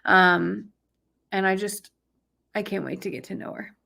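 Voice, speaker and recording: A woman chatting casually on a livestream, speaking in a hesitant, halting way with many fillers. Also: medium pitch, steady tone, gravelly, bright, forceful tone, husky.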